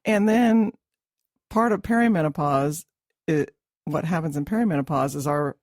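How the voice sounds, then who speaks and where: A middle-aged woman co-hosting a casual podcast, explaining hormone changes in a measured way with some fillers. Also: low-pitched, darkish tone, no room sound, clean studio sound. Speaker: podcast co-host, hormone expert. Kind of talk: casual chat.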